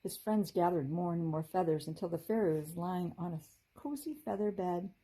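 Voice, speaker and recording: A woman teacher reading a children's chapter book aloud in a gentle, expressive storytelling manner. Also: fairly low pitch, normal speed, slightly rough, low-quality recording.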